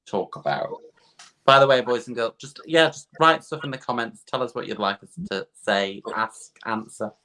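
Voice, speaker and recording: A man's voice: mid-range voice, lively intonation, moderate pace, pushed and bright. A man from the English Midlands co-hosting a casual chat over a video call, chatty and rambling with many restarts. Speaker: co-host.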